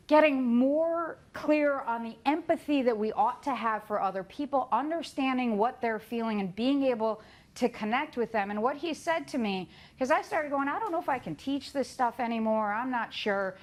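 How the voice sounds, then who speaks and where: Lively woman telling her own story. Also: a little high. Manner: lively storytelling, acts out quoted voices, laughs at herself. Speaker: conference speaker. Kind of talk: personal story in a talk.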